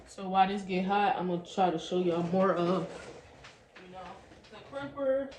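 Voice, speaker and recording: A young woman reviews a product as a beauty vlogger, unboxing it and chatting casually to viewers she calls "y'all." Her mid-range voice has lively intonation at a normal speed, recorded in an echoey room with faint background hiss.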